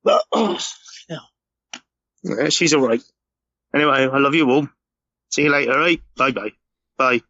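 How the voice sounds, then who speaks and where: A man's voice: mid-range voice, normal speed, pauses often, bright, forceful tone, dry recording, lo-fi sound. A middle-aged man from the UK telling a rambling, emotional story in a casual recorded message, swearing freely. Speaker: podcast segment contributor.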